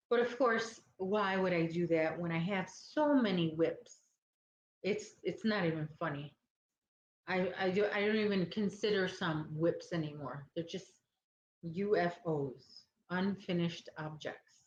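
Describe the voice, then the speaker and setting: A woman's voice: lowish voice, unhurried. A woman hosting a casual crochet livestream, chatting with viewers in a rambling, sleepy way and losing her train of thought. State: sleepy, yawning. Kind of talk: casual chat with live viewers. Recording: roomy, dull lo-fi sound with faint noise.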